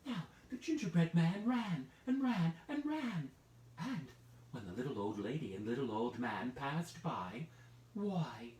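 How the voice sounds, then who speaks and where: A man telling a children's story live online, playful, and prompting listeners to act along. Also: mid-range voice. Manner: playful, lively, addresses listeners with hand-play prompts. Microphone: video call. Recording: roomy, distant from the mic.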